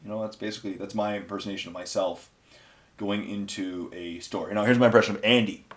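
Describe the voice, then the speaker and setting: Tired man chatting with a low voice. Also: fairly even intonation, fairly quick. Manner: rambling, offhand, self-amused. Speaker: painting channel host. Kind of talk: casual chat while painting miniatures. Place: home, near a garage. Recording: roomy echo.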